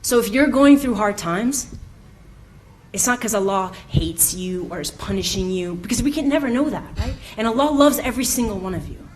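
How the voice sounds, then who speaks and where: A woman's voice: medium pitch, lively intonation, normal speed, slight background noise. A young woman in her twenties speaking at a youth event, telling funny personal stories that lead into a faith message. She laughs often, says "like" a lot and acts out the people in her stories. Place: indoor community event room.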